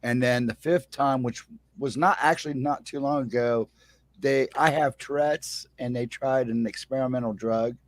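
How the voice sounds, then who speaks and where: A man's voice: mid-range voice, normal speed, no echo. Laid-back man telling his story, dry sound. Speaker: guest. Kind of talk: casual storytelling on a livestream.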